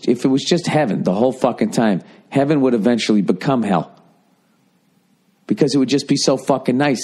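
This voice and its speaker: A man's voice: mid-range voice, warm tone, slightly rough. A middle-aged man hosting a comedy podcast, ranting with lots of swearing and slipping into mocking voices. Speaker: podcast host.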